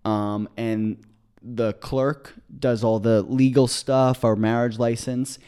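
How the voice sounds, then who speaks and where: A man co-hosting a comedy podcast, telling a long story in a casual, excited, rambling way with many restarts. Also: mid-range voice, slow pace, clear, resonant tone. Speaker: podcast co-host.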